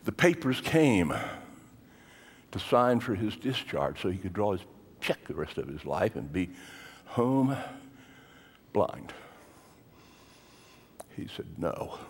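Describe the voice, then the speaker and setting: An older male pastor preaching a sermon, telling stories dramatically and swinging between hushed and raised delivery. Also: fairly low pitch, big pitch swings, takes it slowly, long pauses, slight background noise. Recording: long hall reverb.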